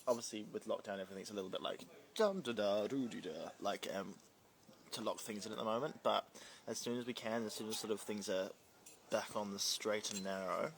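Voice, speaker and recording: A young drag performer from New Zealand, whose accent has a slight British edge, responds to live comments in a chatty, playful, all-over-the-place livestream Q&A. His fairly low voice stays steady and fairly quick, with a little hiss or hum in the audio.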